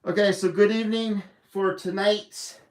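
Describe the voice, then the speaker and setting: A man's voice: sits high, steady tone, normal speed. A man chatting casually on a live stream, rambling with lots of fillers and restarts, from his home arcade room. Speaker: vlogger.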